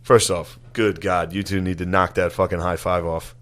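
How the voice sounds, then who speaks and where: A man's voice: low voice, level tone, normal speed, a bit bright. A man co-hosting a comedy podcast, telling crude mocking stories and laughing often. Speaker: podcast co-host. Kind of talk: casual comedic podcast banter.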